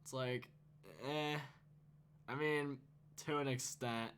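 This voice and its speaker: A man's voice: medium pitch, fairly even intonation, takes it slowly, fairly bright tone, smooth. A teenage man telling a storytime vlog, casual and profane, rambling and laughing. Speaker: YouTuber.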